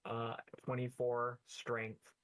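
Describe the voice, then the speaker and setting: A man playing a tabletop game, describing his character's actions slowly and deliberately. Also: medium pitch, monotone, fairly bright tone, poor audio. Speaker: player. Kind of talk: tabletop play over voice chat.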